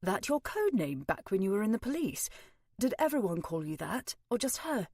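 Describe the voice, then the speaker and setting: A woman's voice: mid-range voice, normal speed, slightly rough, dry recording. A woman voicing a cheeky young male detective. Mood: teasing. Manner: energetic, flippant, cheeky. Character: brash chatty young male foreign detective.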